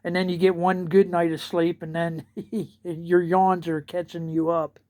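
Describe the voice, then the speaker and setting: A man who is a chaplain, talking casually in a morning video update, sleepy and yawning, halting as he searches for his words. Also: fairly high pitch, level tone, a little mellow, no room sound.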